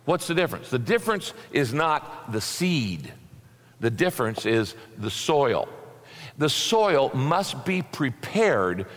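A middle-aged pastor preaching a sermon in a folksy, conversational way. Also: male voice, medium pitch, sing-song, slow pace. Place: church sanctuary. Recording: long reverb of a large hall.

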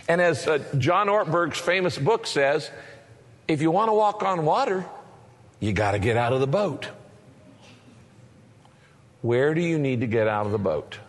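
A man preaching a sermon as a pastor, animated, acting out the voices he quotes. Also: a little high. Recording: long reverb of a large hall.

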